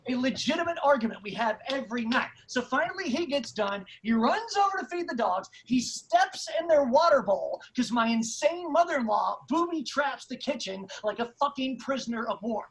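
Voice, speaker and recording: A man performing a stand-up comedy set over a video call, telling fast, exasperated family stories with crude punchlines. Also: extremely high pitch, sing-song, poor audio.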